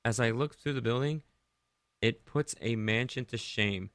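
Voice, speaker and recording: Medium in pitch and a little slow, with a bit of brightness, this host of a Christian radio program comes from Rhode Island. He talks devotionally with listeners, asks them plenty of questions, and guides them in prayer, all in clean studio audio free of room sound.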